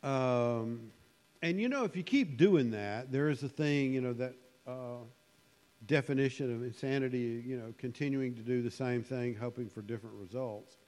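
A man preaching a conversational sermon in a church hall, musing and unhurried, with frequent fillers. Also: medium pitch, a little mellow. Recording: long hall reverb.

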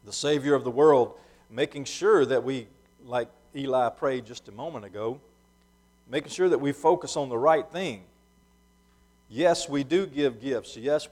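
A man preaching a sermon in earnest, often restarting and repeating phrases, dropping soft and low at times, then rising to louder emphatic lines. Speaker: pastor.

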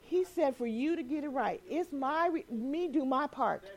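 A woman preaching a sermon, animated and laughing as she acts out quoted voices. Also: high-pitched, moderate pace.

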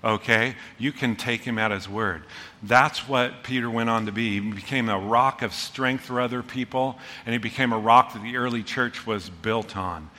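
A middle-aged male pastor preaching a sermon, telling stories with animated, voiced quotes. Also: mid-range voice, moderate pace. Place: church hall. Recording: long hall reverb.

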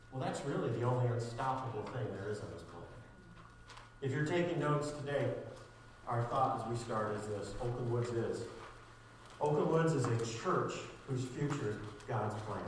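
A man's voice: medium pitch, slight background noise. A man preaching a sermon as a pastor, with a sarcastic streak, building to fervent emphasis. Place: church sanctuary. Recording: echoey church hall, distant mic.

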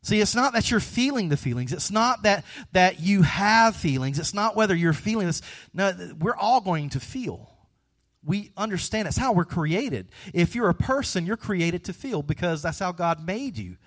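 A man with a fairly high voice preaches a sermon in a loose, conversational way. He swings from loud, animated stretches down to quiet, intimate ones, and he drops in playful jokes for the congregation. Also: normal speed. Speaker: pastor.

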